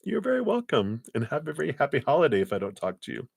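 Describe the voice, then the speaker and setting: A man giving live tarot readings in a gentle, meandering way, with many fillers and soft laughs. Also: medium pitch, wildly swooping pitch, quick pace, vocal fry, slightly rough, no echo, clean studio sound. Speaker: tarot card reader.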